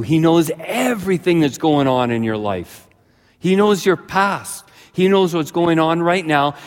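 Animated pastor preaching in an echoing hall. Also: male voice. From British Columbia, Canada. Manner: animated storyteller, jumps to high frantic voices when acting out his childhood self. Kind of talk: sermon with acted-out story. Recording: long reverb of a large hall.

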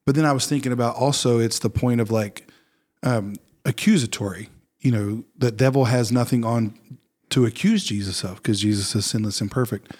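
A man's voice: mid-range voice, normal speed, darkish tone. Earnest reflective male pastor. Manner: earnest, reflective, many fillers and restarts. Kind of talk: casual faith podcast chat.

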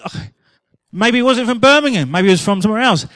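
A man's voice: sits high, lively intonation, fast, a bit bright, no echo, clean studio sound. A man preaching a sermon in a chatty, humorous storytelling manner.

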